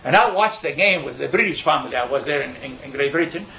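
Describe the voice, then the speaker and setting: A man giving an informal Bible talk full of anecdotes, halting with frequent fillers and restarts. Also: on the high side, animated, creaky, bright, forceful tone, a little hiss or hum. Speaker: bible study speaker. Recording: echoey room, dull lo-fi sound.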